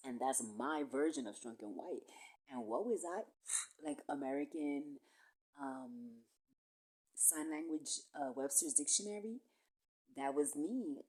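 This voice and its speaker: A woman's voice: deep voice, lively intonation, unhurried, long pauses, a little mellow, husky. A woman, rambling profanely through a monologue that jumps from topic to topic. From Puerto Rico.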